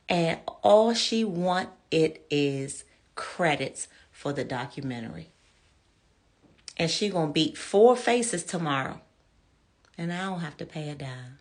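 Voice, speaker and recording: A woman's voice: sits low, lively intonation, slow pace. A woman in her fifties hosting her show, talking candidly and casually to her viewers as friends, calling them y'all. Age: 50s. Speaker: show host.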